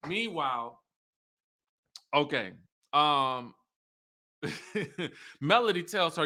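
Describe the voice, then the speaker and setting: A man hosting a casual recap, chatting in an animated way and laughing often. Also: a little high, a little slow. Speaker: YouTube recap host. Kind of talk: casual reality TV recap commentary.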